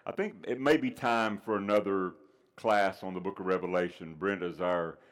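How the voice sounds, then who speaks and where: A male pastor preaching a sermon, chatting casually with fillers, then reading scripture aloud with slow, loud, emphatic lines. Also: low-pitched.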